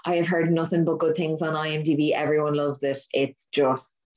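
A woman with a low, dark voice retells a film in animated, casual chat. She laughs a lot. The recording is dull and lo-fi. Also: fairly quick. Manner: animated storyteller, laughs often.

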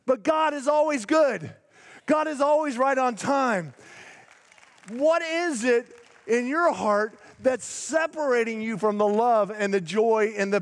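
A male pastor preaching a sermon in a church, emphatic and slowing down to stretch out key words. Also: very high-pitched. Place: church sanctuary. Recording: long hall reverb in a large sanctuary.

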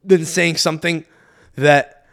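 A young man hosting a podcast, telling a story as a profane, animated rant that swings between loud outbursts and muttered asides. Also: a little high, slow pace, gravelly. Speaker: podcast host. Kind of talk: ranting storytelling monologue.

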